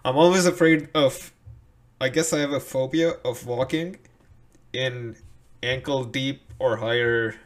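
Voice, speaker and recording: A man co-hosting a casual podcast, relaxed and quick to laugh as he shares his own experiences. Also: mid-range voice. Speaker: podcast co-host. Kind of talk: casual chat.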